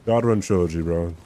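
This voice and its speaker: Young male streamer, very low voice, casual rambling chat, self-mocking. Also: mellow, a little hiss or hum. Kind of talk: casual chat while gaming.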